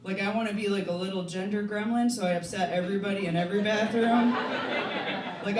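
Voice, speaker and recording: A young adult stand-up comedian with a rambling, self-deprecating delivery who laughs at their own jokes. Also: medium pitch. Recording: echoey noisy room from a distance.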